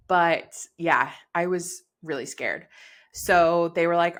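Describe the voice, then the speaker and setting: A young woman tells a personal story in an easygoing chat, her voice sitting a bit low for a woman. She talks loosely, with plenty of "like", frequent laughs and lively quoted lines. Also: moderate pace. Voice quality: chatty, peppered with "like", laughs often. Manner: quotes herself and others in animated bursts. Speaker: podcast guest telling her birth story. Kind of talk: casual chat.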